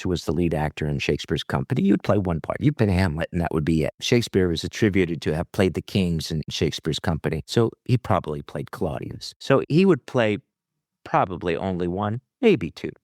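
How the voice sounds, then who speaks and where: A man who is a theater director and acting teacher, explaining acting technique in an interview in an animated, emphatic, teacherly way. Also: low voice, no room sound, studio quality.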